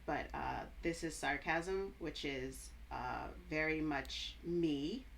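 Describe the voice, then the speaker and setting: A woman teacher casually commenting on her old video in a dry, sarcastic, deadpan way. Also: low voice, slow, vocal fry, a little hiss or hum.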